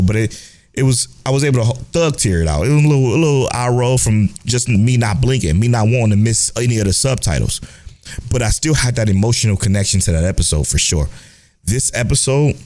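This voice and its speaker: A man's voice: lowish voice, darkish tone. A young man co-hosting an anime podcast, chatting casually and animatedly, swearing and joking a lot. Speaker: podcast co-host.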